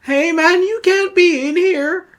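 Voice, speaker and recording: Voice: very high-pitched, takes it slowly, a bit bright, pitched above the performer's own voice, exaggerated voice. A game master voicing a brash young male monster hunter with a laid-back dude drawl. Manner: surfer-style drawl, says dude and man.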